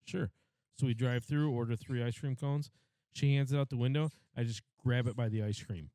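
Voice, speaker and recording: A man's voice: medium pitch, steady tone, normal speed, dark tone, smooth, dry recording. Middle-aged man telling funny stories. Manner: tells funny anecdotes, laughs often. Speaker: podcast co-host. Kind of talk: casual chat.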